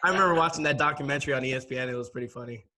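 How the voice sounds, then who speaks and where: A young man hosting a casual chat, relaxed and quick to laugh. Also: mid-range voice, very noisy. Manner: relaxed, laughs easily, many fillers. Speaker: host.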